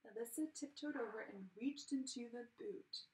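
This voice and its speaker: Woman teacher reading a kids story, lively, echoey room. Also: fairly high pitch, moderate pace. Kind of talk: children's story read-aloud. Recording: roomy, from a distance.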